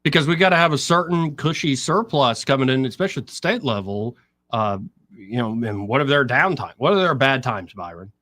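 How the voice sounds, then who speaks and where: A talk radio host speaks in a brisk, medium-pitched male voice with no room sound, explaining politics. He quotes other people in an animated voice, mimicking what they say.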